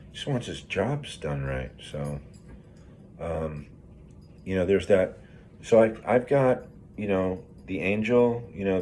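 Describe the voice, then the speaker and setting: Middle-aged man, grieving, low deep voice; loose profane vlog ramble, full of fillers. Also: a little mellow, slight background noise. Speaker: project manager in recovery. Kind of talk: candid personal vlog.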